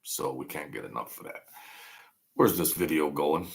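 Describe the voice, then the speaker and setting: A man's voice: extremely low pitch, lively intonation, moderate pace, gravelly. A man in his sixties hosting a livestream, chatting in a rambling, sentimental and jokey way. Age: 60s. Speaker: livestream host. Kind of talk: rambling casual livestream chat.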